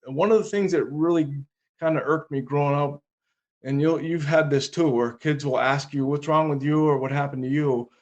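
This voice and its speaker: A man as a podcast guest, telling anecdotes in a relaxed conversation with dry comic timing. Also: on the high side, normal speed, dull audio. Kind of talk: casual interview storytelling.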